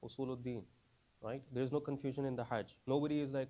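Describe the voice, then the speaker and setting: A man's voice: medium pitch, flat delivery, quick pace, dark tone. Man teaching a class, asks many questions. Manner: repeats phrases, frequent "right?" and "you understand?". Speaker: teacher of a class for new Muslims.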